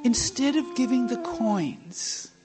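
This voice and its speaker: A woman telling a devotional story in an amused, unhurried way, with flute music behind. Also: a little high, big pitch swings.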